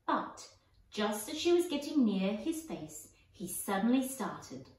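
A woman reading a children's storybook aloud in a gentle, expressive way. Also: medium pitch, a little slow. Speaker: audiobook reader. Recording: echoey, distant mic.

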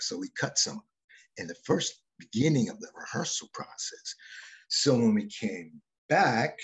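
An older man, an actor, telling stories from his career in an unhurried, reflective way as an interview guest. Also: fairly low pitch, big pitch swings, vocal fry, husky. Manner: unhurried storyteller, drifting between loud and hushed. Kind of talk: reflective anecdotal conversation.

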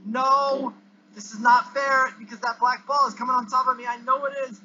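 A high-pitched male gamer with a bright, sharp voice commenting on his play. He is excitable, yelping and groaning as things go wrong. The recording is dull and lo-fi with a faint hiss underneath. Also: moderate pace. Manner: excitable, yelps and groans at the game.

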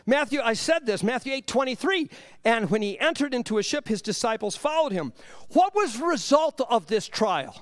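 High-voiced preacher with a wide range. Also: male voice, sing-song, normal speed, no echo. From Southern US. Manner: swings from loud emphatic preaching to hushed low asides. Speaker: pastor. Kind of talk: sermon. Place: church.

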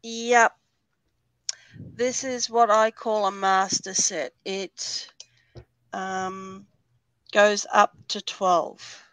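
A woman's voice: mid-range voice, fairly even intonation, very slow, pauses often, a bit bright, dry recording, rough recording. An Australian woman guesting on an art stream, chatting as she crafts, with dry joking asides. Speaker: guest artist. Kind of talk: casual chat while crafting.

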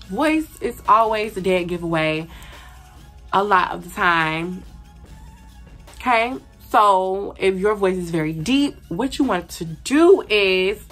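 A woman's voice: medium pitch, a bit bright. A young woman giving blunt, slangy, sassy advice in a casual vlog, repeating her points for emphasis. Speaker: beauty and advice vlogger.

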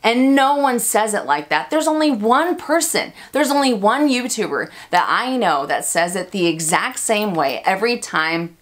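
A talkative American woman runs a casual handbag Q&A vlog, speaking at medium pitch and a moderate pace with big swings in pitch and few pauses. The luxury handbag YouTuber laughs a lot and pokes fun at herself.

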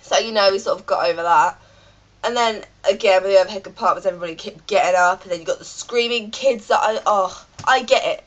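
A woman's voice: mid-range voice, fast talker, highs cut off. A British woman with a cold, ranting in a rambling, chatty vlog full of fillers. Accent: British English. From Britain. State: has a cold. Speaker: vlogger.

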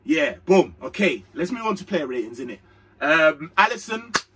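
A young man giving a casual, slangy, excitable football match reaction. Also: fairly high pitch, normal speed, husky, distant mic, poor audio. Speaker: fan channel host.

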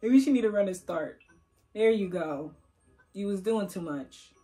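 This young woman, a gaming YouTuber, has a medium-pitched, animated voice with a dark tone and a measured pace. Sitting at her computer, she gives relaxed let's-play commentary, addressing viewers and teasing and urging on the characters over faint game music.

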